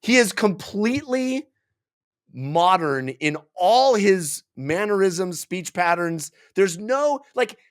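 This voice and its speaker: A man's voice: sits high, fairly bright tone. A man co-hosting a film review podcast, ranting in exasperated disbelief in casual chat. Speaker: podcast co-host.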